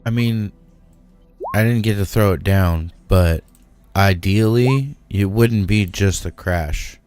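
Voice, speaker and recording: Slow low-voiced man, hesitant player. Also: a little mellow, dry recording, soft background music. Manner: slow, hesitant, full of fillers. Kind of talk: tabletop role-play chat.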